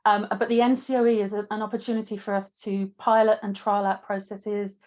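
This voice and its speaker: Measured corporate woman, slightly muffled. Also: mid-range voice, little pitch movement, darkish tone. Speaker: guest speaker on inclusion. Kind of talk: panel interview.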